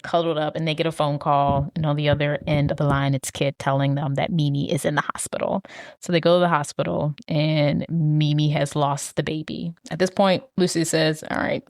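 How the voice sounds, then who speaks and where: A woman with a low, deep voice recaps a film in easy, casual podcast chat. She slips into the characters' lines as she tells it, heard close and dry with no room sound. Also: normal speed, no echo. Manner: animated retelling, acting out lines in quotes. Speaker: podcast co-host.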